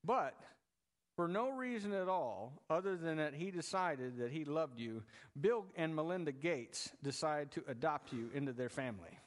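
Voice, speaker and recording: A man preaching a sermon as pastor, in a relaxed conversational way that jokes with the congregation. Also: fairly high pitch, moderate pace, big-room sound.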